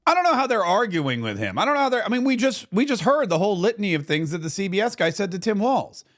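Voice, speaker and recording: A man's voice: high-pitched, sing-song, fast talker. A man hosting a political commentary show, telling the story with indignant sarcasm. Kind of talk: opinion commentary monologue.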